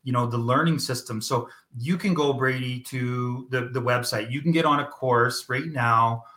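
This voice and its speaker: A man's voice: mid-range voice, moderate pace, pushed and bright. Blunt, swearing middle-aged male guest. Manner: blunt and emphatic, swears freely. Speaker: guest, founder of a youth mental-health program. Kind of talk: candid interview talk.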